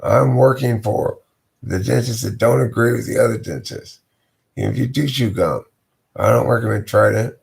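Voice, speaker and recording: A man's voice: mid-range voice, moderate pace, creaky, darkish tone, pitched above the performer's own voice. A man voicing a nervous, bumbling young inspector who stammers and gets flustered. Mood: rambling.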